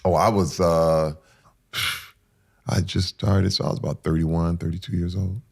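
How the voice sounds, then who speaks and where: A man's voice: flat delivery, measured pace. A middle-aged man, a podcast guest, telling an emotional personal story with intensity, acting out what people said. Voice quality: deep gravelly voice. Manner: intense, acts out quotes, swings between hushed and loud.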